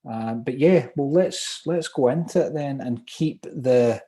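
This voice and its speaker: His voice is medium in pitch, mellow and a little slow, carrying a strong Glaswegian accent. This man from Glasgow leads an online property training session in an upbeat, conversational way, reading viewer comments aloud.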